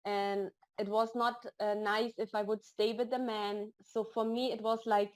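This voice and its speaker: A woman's voice: mid-range voice, flat delivery, a little slow. A woman guest on a podcast, chatting casually and telling stories with emotion and enthusiasm. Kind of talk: casual interview chat.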